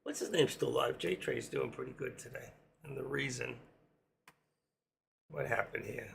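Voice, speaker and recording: Gravelly hoarse man chatting live. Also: mid-range voice, unhurried, slight background noise. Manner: rambling, talks to himself while working charts. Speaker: livestream trading host. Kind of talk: casual live stream commentary.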